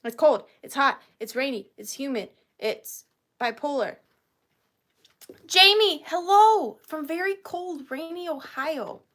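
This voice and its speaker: A young woman with a high, bright-sounding voice hosts a live vintage sale. She chats in a bubbly, playful way and greets her viewers one by one. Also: animated, takes it slowly. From Georgia, US. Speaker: online vintage seller hosting a live sale.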